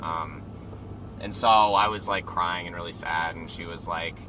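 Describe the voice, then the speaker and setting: A young man, a comedian, chatting casually in a moving car, telling animated stories, acting out quotes and swearing freely. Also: low-pitched, a little slow. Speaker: stand-up comedian guest. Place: inside a car driving through a city. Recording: car and road noise.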